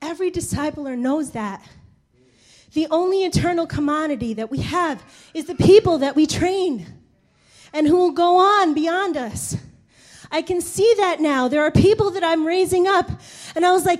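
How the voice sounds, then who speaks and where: A woman with a very high, bright voice delivers a sermon through a personal story. She laughs easily and slips into the voices of the people she describes. Her delivery is lively and conversational. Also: moderate pace. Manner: animated, laughing, acts out the people in her stories. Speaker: preacher.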